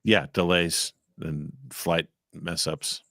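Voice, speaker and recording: An older man with a very low voice co-hosts a casual chat. He keeps his remarks short and easygoing. The recording is dry and close. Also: fairly even intonation, slow, a bit bright, no room sound. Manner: brief, easygoing replies. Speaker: co-host.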